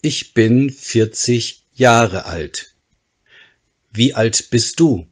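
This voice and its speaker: A man reading the part of a forty-year-old making small talk in a textbook dialogue, with a husky voice. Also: medium pitch, animated. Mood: friendly. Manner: very slow, careful textbook dialogue.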